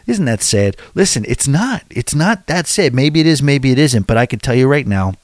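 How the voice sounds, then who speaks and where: With a medium pitch and a slightly mellow tone, this man in his forties is very animated yet keeps a moderate pace. There's no room sound in the studio-quality recording, and his casual stories ramble, poke fun at himself, and keep restarting.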